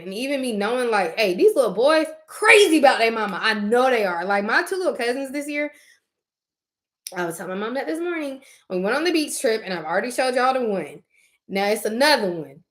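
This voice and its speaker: A young woman, chatting casually and expressively to her viewers. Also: on the high side. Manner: chatty, expressive, Southern US slang. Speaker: vlogger. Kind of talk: casual chat to camera.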